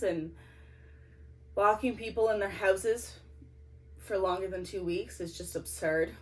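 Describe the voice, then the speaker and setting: A woman in her thirties vents straight into her camera, indignant and ranting, her voice swinging sharply up and down as she talks. She has no proper microphone and records in a cramped closet at home. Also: medium pitch. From Canada. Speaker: political vlogger. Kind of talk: emotional monologue to camera. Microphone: no microphone, camera's built-in mic.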